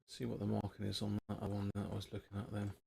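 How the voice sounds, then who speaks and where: A man's voice: on the low side, completely flat delivery, fast talker, vocal fry, dark tone, slightly rough. A man hosting a live repair stream, thinking aloud in a rambling, casual way and chatting with viewers. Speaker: radio repair livestream host.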